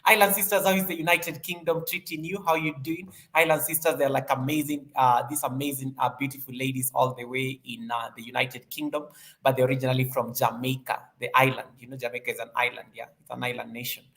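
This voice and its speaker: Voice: mid-range voice, little pitch movement, quick pace, a bit bright. A livestream host in casual chat, greeting viewers one by one in an upbeat, chatty way, often repeating phrases and laughing.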